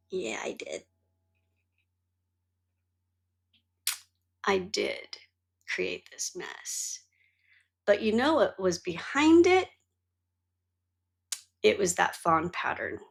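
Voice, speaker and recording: A middle-aged woman hosting her own show, talking candidly about her life and swearing freely. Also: medium pitch. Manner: candid and animated, swears, acts out her own past reactions. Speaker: podcast host and mentor. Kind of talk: personal monologue.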